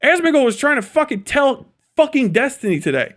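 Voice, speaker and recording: A man's voice: extremely high pitch, very animated, fairly quick, fairly bright tone. A young man from Ohio ranting on a livestream, swearing constantly and laughing at his own jokes. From Ohio, USA. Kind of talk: profane live-stream rant.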